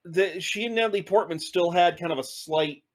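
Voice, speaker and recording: A man's voice: sits high, normal speed. Rambling man reviewing a movie. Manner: rambling, hesitant with many restarts. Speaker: podcast co-host. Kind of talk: casual movie review chat.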